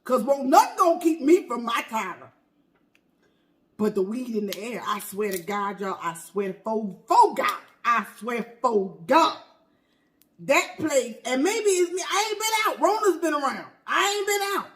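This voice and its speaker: Brief: performer as a high, bright, sassy auntie who swoops all over while dishing gossip between bites. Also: full character voice. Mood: gossipy. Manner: animated, talks between bites of food; exclamatory, drawn-out "baby", "child", "honey". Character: loud gossipy middle-aged auntie, woman. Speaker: comedy mukbang character. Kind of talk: comedic storytelling skit.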